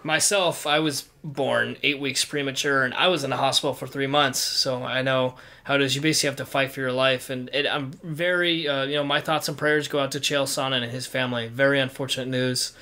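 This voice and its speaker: Bright-voiced young man on a podcast. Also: medium pitch, fairly even intonation, brisk, few pauses. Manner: chatty and earnest, uses many fillers. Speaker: podcast co-host. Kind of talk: casual podcast chat.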